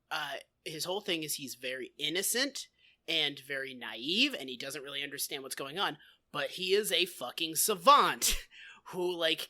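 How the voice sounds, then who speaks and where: Bright, sardonic female podcast host. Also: low-pitched. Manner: profane, sardonic, playful. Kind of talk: casual chat.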